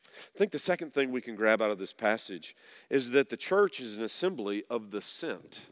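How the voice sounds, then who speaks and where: A man's voice: animated, normal speed. Man preaching in a reverberant hall. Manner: dynamic preaching, drops low and soft then rises loud. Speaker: pastor. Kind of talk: sermon. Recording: long reverb of a large hall.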